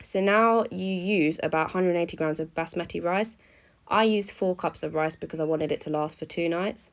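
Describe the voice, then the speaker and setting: A woman's voice: lowish voice, moderate pace. A young woman, chatting through a cooking vlog in a playful, self-mocking way. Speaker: vlogger.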